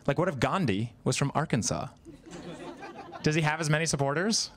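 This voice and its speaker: A man's voice: a little high, expressive, brisk, a faint crowd. A man in his thirties doing a stand-up comedy set on stage, conversational and self-deprecating, with lots of fillers. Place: live comedy stage, in front of an audience.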